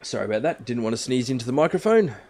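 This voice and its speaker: Man, live game streamer, casual commentary, mid-pitched voice. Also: sing-song, very fast, a little mellow. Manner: chatty, explains steps to viewers.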